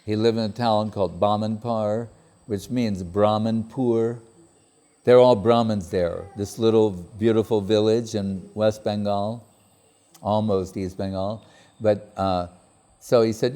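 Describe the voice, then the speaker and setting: A man giving a spiritual talk, telling a story in a lively way, quoting others in a raised voice and laughing often. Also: fairly low pitch, measured pace. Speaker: spiritual speaker.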